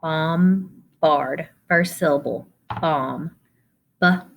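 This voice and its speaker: A woman's voice: low-pitched, extremely slow, creaky, a little hiss or hum. A woman teacher giving a spelling lesson to children, sounding out letters and syllables one at a time.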